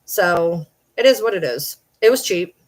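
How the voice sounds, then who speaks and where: Casting note: woman with a slightly low voice, exasperated home vlogger venting to camera, swears a lot, repeats lines. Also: expressive, a little slow. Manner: frustrated, swearing, repeats herself. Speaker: vlogger and livestreamer. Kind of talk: casual rant to camera.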